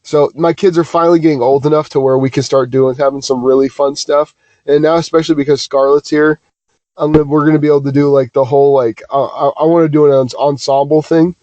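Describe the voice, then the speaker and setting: A podcast co-host with a slightly high voice talks fast, spinning rambling stories at his own expense during casual chat. The recording has no echo; his delivery is animated and full of restarts.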